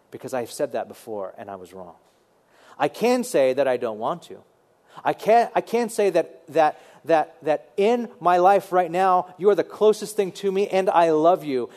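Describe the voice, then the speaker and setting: A man voicing a humbled, earnest apostle who speaks quietly and confessionally to God. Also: a little high, lightly acted.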